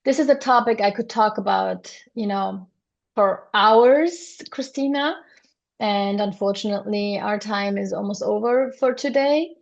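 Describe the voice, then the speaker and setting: A woman's voice: mid-range voice, unhurried, creaky, darkish tone. Brief: woman interviewer, encouraging and affirming, dull lo-fi recording. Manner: affirming, frequent agreement sounds. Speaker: podcast host, interviewer. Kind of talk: interview conversation. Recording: dull lo-fi sound.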